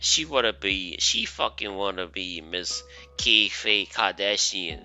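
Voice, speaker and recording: A man co-hosting a casual reaction commentary, loud and swearing, laughing at his own jokes. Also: low-pitched, lively intonation, unhurried, faint music behind. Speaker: co-host reacting to clips.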